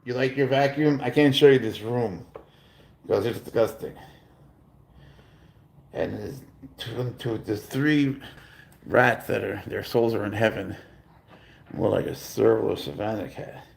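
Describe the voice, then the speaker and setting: A man chatting casually to viewers at home as a cat-owning vlogger, rambling and profane with sudden loud exclamations. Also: fairly low pitch, unhurried, creaky, long pauses.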